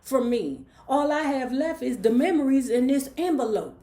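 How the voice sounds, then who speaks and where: A woman's voice: sits high, lively intonation, moderate pace, mellow, pitched above the performer's own voice. A woman doing a defiant seventeen-year-old girl. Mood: pleading. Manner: pleading, talks back. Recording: roomy echo.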